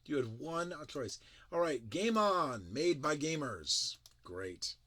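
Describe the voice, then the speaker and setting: A man's voice: fairly high pitch, very animated, takes it slowly, bright, forceful tone, no echo. A man giving casual, critical commentary as a tech show reviewer, emphatic and sarcastic, with frequent restarts.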